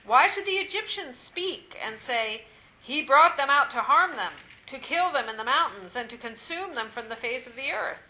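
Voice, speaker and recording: A woman reading scripture aloud at a steady, measured pace in a Bible study. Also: sits high, dull audio. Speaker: scripture reader.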